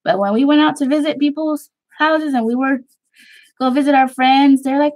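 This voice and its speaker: A woman's voice: sits high, fairly quick, low-quality recording. A Texan woman from Texas, a craft vlogger chatting casually to her viewers in a rambling way and laughing often.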